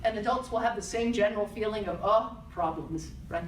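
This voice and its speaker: A woman teaching a safety workshop, explaining calmly and guiding a group through practice. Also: mid-range voice, quick pace, slight background noise. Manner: calm, explanatory. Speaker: safety instructor. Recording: echoey room, distant mic.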